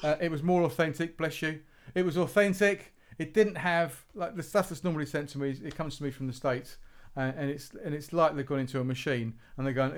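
Playful man hosting a music panel. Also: fairly high pitch. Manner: playful, teasing, quick to laugh. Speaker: radio host reviewing new tracks. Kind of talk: casual panel chat.

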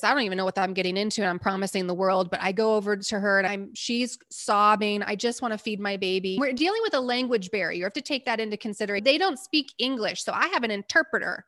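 A woman's voice: medium pitch, quick pace, a bit bright, dry recording. Earnest woman telling stories, dry sound. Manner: candid, earnest, speaks in short emphatic bursts. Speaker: medical provider recounting field work. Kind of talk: interview storytelling.

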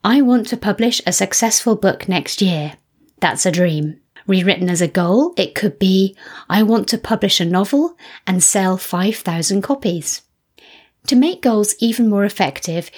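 A middle-aged woman hosting a solo podcast, speaking in a gentle, reassuring way with slightly low energy. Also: expressive, measured pace. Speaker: podcast host.

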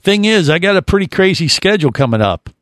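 A man's voice: high voice, very animated, fast talker, no echo, clean studio sound. A man hosting a casual podcast chat, rambling with lots of fillers and restarts. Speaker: podcast host.

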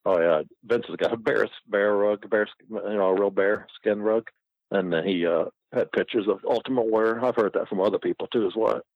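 Low gravelly man, loose and profane, spinning a yarn; dry muffled recording. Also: brisk, no room sound. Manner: rambling, profane, laughing often. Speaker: guest storyteller. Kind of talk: casual storytelling.

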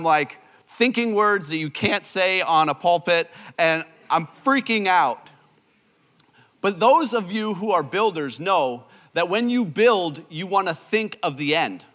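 A man, a youth pastor, preaching a sermon and telling self-deprecating stories in an animated way. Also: a little high, in a large hall. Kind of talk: sermon with storytelling.

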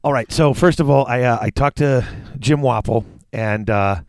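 A man's voice: mid-range voice, normal speed, dry recording. Rambling male podcast host, dry close sound. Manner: rambling, with frequent restarts and trailing off. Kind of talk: casual chat.

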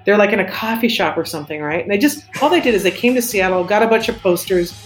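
A woman's voice: medium pitch, animated, quick pace. A woman telling stories as an interview guest, chatty and rambling, with lots of fillers and restarts. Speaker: design studio co-founder, interview guest. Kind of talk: casual storytelling interview. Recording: roomy echo with faint music.

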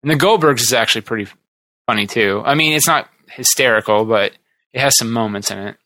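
A man hosting a podcast, chatting casually and retelling TV scenes in a rambling, animated way. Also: medium pitch, brisk, no room sound. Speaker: podcast host. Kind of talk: casual chat.

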